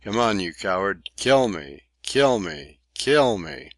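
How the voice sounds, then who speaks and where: A man voicing an enraged young sailor shouting defiance at his captain, screaming at the top of his lungs. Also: lowish voice, big pitch swings, slow pace, no echo, heavily acted. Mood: raging.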